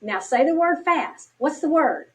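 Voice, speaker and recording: A woman giving scripted narration for an instructional video, speaking slowly and clearly in an encouraging teacher manner. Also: high voice, animated. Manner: slow, clearly paced, encouraging teacher talk. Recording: distant from the mic.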